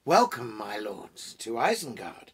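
A man's voice: medium pitch, big pitch swings, measured pace, breathy edge, pitched below the performer's own voice, exaggerated voice. A man voicing a young male hobbit who speaks with mock-formal courtesy in a storybook reading.

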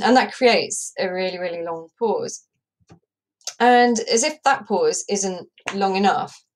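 A woman's voice: mid-range voice, darkish tone. A woman English teacher giving a recorded lesson over slides, explaining step by step and tapping out rhythms aloud with frequent ums. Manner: explanatory, says "um" a lot, taps out rhythms aloud.

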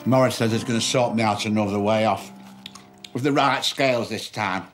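An actor playing a gentle, lonely, very fat middle-aged man, soft-spoken and plain in a TV comedy-drama. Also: lowish voice, moderate pace, music in the background, natural voice. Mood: resigned. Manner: soft-spoken, plain, calls people love.

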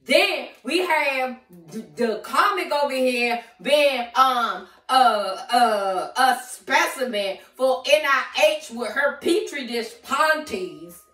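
A high-voiced woman reads tarot cards in a sassy, slangy, chatty way, talking to her viewer like a girlfriend. Her voice bounces around a roomy space, and she sits a little back from the mic. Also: expressive, slow, fairly bright tone, recorded from a distance. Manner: sassy, slangy, talks straight to the viewer as "girl". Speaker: tarot reader. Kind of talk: casual tarot reading.

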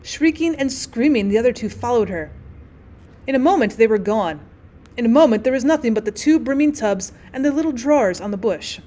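A woman teacher reading a classic short story aloud as an audiobook, voicing the dialogue expressively, with an occasional slip and restart. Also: a little fast. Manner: expressive, voices the dialogue with small pitch shifts.

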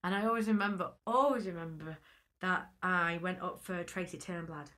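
A woman's voice: lowish voice, moderate pace, sharp tone. A woman in her thirties, a guest actress in a casual interview, chatty and laughing as she acts out quotes.

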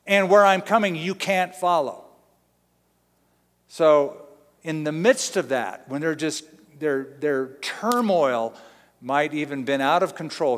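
A man's voice: on the high side, slow pace. Man preaching in a reverberant hall. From Southern California. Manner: conversational, storytelling with acted-out quotes. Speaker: pastor. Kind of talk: sermon.

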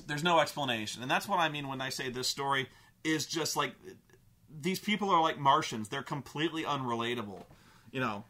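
A man's voice: medium pitch, animated, a little fast, bright, forceful tone. Exasperated, profane vlogger man. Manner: exasperated, profane, rambling with many fillers. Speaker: vlogger, film reviewer. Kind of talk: casual rant.

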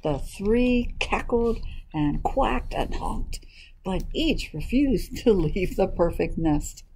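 A woman children's librarian reading a picture book aloud in an animated way and asking her listeners questions. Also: mid-range voice, slow pace, a little hiss or hum, rough recording.

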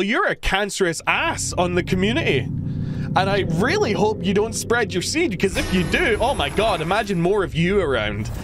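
A man talks over his horror game playthrough with a sarcastic, ranting edge and salty language. His voice sits a bit high and swings widely in pitch, climbing into loud bursts of exasperation. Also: a little hiss or hum. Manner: swears freely. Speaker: gaming video creator. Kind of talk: let's play commentary.

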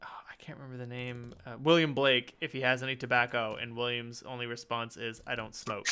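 A man's voice: mid-range voice, level tone, brisk, noisy background. A man narrating as game master of a tabletop role-playing game, chatty and rambling with lots of fillers and the odd swear.

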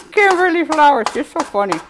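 A woman's voice: high-pitched, noisy background. A woman hosting a casual live cooking show, chatty and giggly, talking to her viewers with a piece of bread in her mouth.

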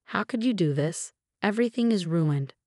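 A woman voicing an indignant young bride-to-be, read in an even, measured way. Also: on the low side, no echo, clean studio sound. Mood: upset.

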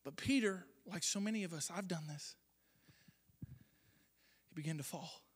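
A man preaching a sermon as pastor, impassioned, dropping to hushed tones and rising to loud declarations. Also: high-pitched, moderate pace, husky. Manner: impassioned, shifts between hushed and loud delivery.

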